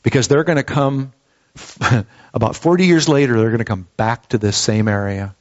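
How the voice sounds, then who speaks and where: A man's voice: mid-range voice, normal speed. A man preaching a sermon, telling the story with earnest emphasis and some restarts. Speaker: pastor. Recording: dull lo-fi sound.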